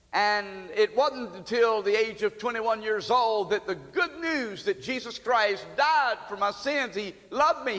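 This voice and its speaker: Bright-voiced preacher in a reverberant hall. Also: male voice, high voice. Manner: earnest preaching, rising emphatic peaks. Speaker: pastor. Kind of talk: sermon.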